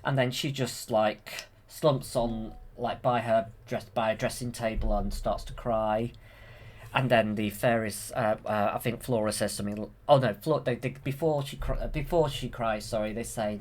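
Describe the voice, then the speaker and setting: A man's voice: fairly low pitch, moderate pace. A man casually retelling a film from memory, hesitant, with many fillers and restarts. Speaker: channel host.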